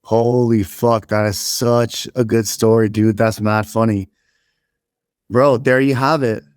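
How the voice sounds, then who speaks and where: Man, podcast co-host, low voice, laid-back jokey banter, dry close mic. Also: flat delivery, slow pace, smooth, no room sound. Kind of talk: casual chat.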